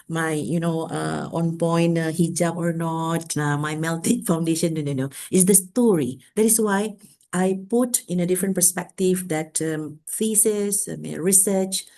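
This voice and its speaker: A middle-aged woman speaks with a Malaysian English accent, her voice sitting a little low for a woman. She lectures a workshop with bright, animated energy, checking in with "okay" again and again. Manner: lively, peppers talk with "okay".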